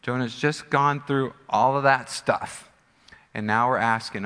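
Bright-voiced preacher in a reverberant church. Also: male voice, medium pitch, a little slow, clear, resonant tone. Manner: animated storyteller who acts out scenes. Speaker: pastor. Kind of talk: sermon. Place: church sanctuary. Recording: long church hall reverb.

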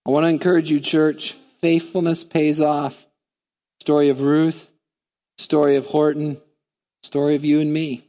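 A pastor with a fairly high voice, telling a picture-book story to his congregation in a lively, casual manner. He mixes plain talk with read-aloud lines and turns it into a lesson. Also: measured pace. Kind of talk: sermon with a storybook retelling.

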